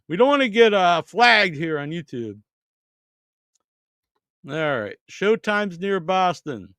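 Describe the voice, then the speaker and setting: A man's voice: sits high, very animated, slow, long pauses, a bit bright, clear, resonant tone, no room sound, clean studio sound. A man hosting a podcast in casual chat, chatty and thinking aloud as he searches online. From Massachusetts. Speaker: podcast host.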